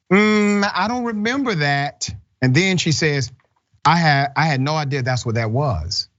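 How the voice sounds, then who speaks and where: A man's voice: mid-range voice, husky, dull audio. A man hosting a news commentary show, blunt and indignant as he reacts to a clip. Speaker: host.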